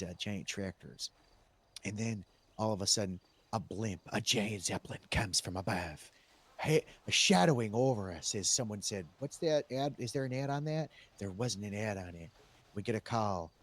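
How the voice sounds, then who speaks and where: A man speaking in character as a police officer, telling a long story in an animated way and raising his voice when he quotes people. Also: on the low side, husky. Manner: animated, raises voice when quoting others. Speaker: role-play player as police officer. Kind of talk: in-character role-play storytelling.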